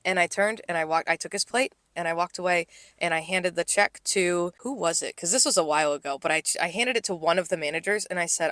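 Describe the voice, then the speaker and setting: A young woman with a bright, forceful voice tells a story from her restaurant shift in loose podcast chat. She leans on fillers and acts out quotes. The sound is close and dry, with no room around her. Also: fairly low pitch, quick pace, no room sound. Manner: chatty, filler-heavy storytelling with acted-out quotes. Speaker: podcast co-host, restaurant server.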